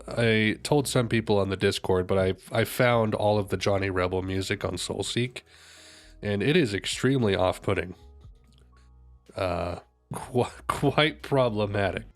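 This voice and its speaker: A man's voice: lowish voice, a little slow. A young man chatting casually while reacting to music, rambling and correcting himself with joking asides. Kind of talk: casual chat.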